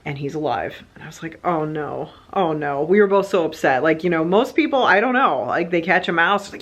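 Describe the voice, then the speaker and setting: A woman vlogger telling a personal story in a chatty, animated way, full of fillers and quoted back-and-forth. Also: lowish voice, a little fast. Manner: chatty, animated, lots of fillers like "like" and "you know". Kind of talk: casual storytelling vlog.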